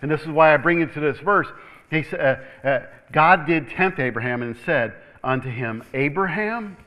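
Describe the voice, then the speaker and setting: Speaking at normal speed in a higher register, this male pastor preaches to a church in audio with the highs cut off. He chuckles, repeats words to build intensity, and animatedly calls "Amen?" to the room again and again.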